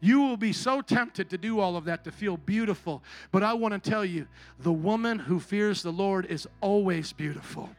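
A man preaching a sermon at a church service, swinging between quiet storytelling and shouted exhortation. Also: high-pitched, moderate pace. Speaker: pastor.

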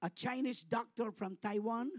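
A middle-aged Filipino man preaching a sermon as a pastor, swelling to loud, impassioned passages and dropping to soft, tender ones. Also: extremely high pitch, moderate pace, dry recording. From Philippines.

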